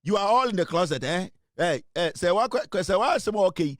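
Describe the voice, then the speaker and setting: A man's voice: high-pitched, expressive, brisk, no room sound, studio quality. A man with a Ghanaian accent hosting an online talk show, teasing his audience with repeated rhetorical questions and mixing English with Twi. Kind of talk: casual commentary monologue.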